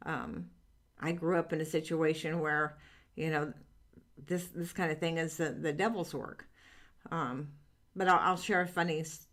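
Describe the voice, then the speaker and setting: A woman's voice: fairly low pitch, a bit bright. A middle-aged woman talking through a live stream reading session, earnest and upbeat, rambling with plenty of fillers and restarts. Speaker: psychic reader hosting a live stream. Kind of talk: casual live-stream chat.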